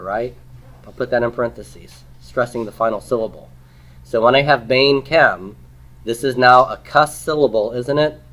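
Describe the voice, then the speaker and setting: A man's voice: mid-range voice, a bit bright. A man teaching a Hebrew grammar lesson, explaining step by step, asking questions and then answering them himself, and checking in with "okay?" and "right?". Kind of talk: recorded classroom lecture.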